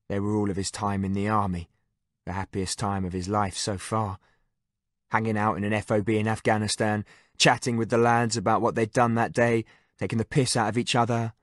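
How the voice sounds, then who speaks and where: A man narrating a military thriller audiobook in a steady, measured storytelling manner. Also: on the low side, dry recording, studio quality. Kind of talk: scripted narration.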